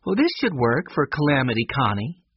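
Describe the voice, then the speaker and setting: Brief: man voicing a brisk caring girl, slightly raised, lo-fi. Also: mid-range voice, very animated, a little hiss or hum, natural voice. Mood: concerned. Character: practical caring older sister, a girl. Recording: dull lo-fi recording.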